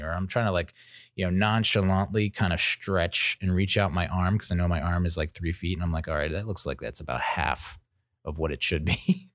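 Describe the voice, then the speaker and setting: A man's voice: low-pitched, no echo, studio quality. A man in his thirties telling a casual story as a podcast host, rambling and self-interrupting with wry, jokey asides.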